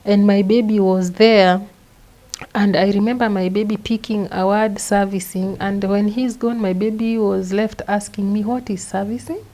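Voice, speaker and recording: A young woman with a Kenyan accent speaks at a middling pitch. She gives a personal testimony as an interview guest, halting and restarting, repeating words as she lays out events one by one. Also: level tone, dark tone, rough recording.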